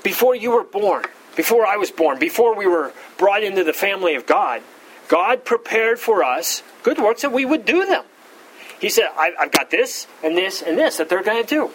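A pastor giving an expository Bible teaching, repeating words and saying "all right" often, rising in pitch to stress key points. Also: male voice, sing-song, moderate pace, a bit bright, poor audio. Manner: rises in pitch for emphasis.

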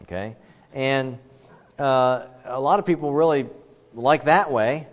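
A man's voice: mid-range voice, slow. Guy pastor teaching bible stuff in a sermon, kinda muffled, lots of hall reverb. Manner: conversational and explanatory, with frequent fillers and restarts. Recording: dull sound, long hall reverb.

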